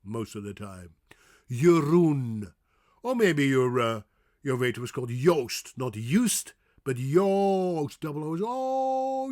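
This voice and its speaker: A native Dutch man with a Dutch accent teaches pronunciation at a very unhurried pace. His voice sits a bit high, and he exaggerates each word he demonstrates while cheering the listener on. The sound is dry and close. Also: a little mellow, no echo. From Netherlands. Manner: drawn-out, exaggerated demonstrations of words; encouraging and playful. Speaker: language teacher. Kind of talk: pronunciation lesson.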